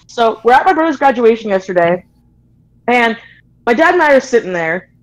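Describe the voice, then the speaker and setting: A woman's voice: on the high side, normal speed, low-quality recording. A young woman chatting casually with friends on a voice call, telling an awkward story and acting out the people in it. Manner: animated storyteller, acts out quoted people. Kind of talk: casual group voice chat.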